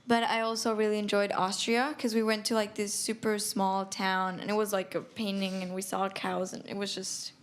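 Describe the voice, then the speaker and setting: A young woman from Finland answers interview questions about her band. She talks in a relaxed, casual way, full of fillers. Her pitch sits in the middle range. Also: moderate pace, hardly any pauses. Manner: relaxed, filler-heavy chat. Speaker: band member.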